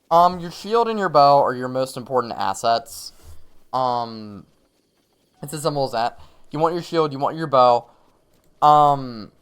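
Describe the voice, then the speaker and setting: A man's voice: medium pitch, smooth. A young man streaming a game live, explaining tactics casually with frequent laughs and fillers. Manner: chatty, laughs often, many fillers. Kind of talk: live gameplay commentary and tips.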